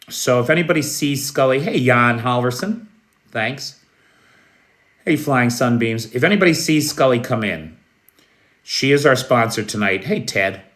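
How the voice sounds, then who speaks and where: A man from the United States hosting a live news stream, speaking in a slow, measured, friendly way and greeting chat viewers by name. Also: mid-range voice, fairly bright tone. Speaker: news livestream host. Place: Kyiv, Ukraine.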